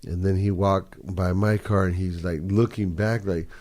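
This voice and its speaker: A man's voice: low-pitched, fairly even intonation, moderate pace, a little mellow. A man telling a story in a casual, laid-back, profane way on a talk show.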